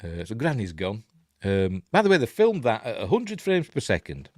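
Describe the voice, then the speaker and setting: Low-voiced, chatty middle-aged Yorkshire man. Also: wildly swooping pitch, moderate pace, darkish tone, dry recording, studio quality. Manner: rambling, chuckling, goes off on tangents. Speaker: film review host. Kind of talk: casual film commentary.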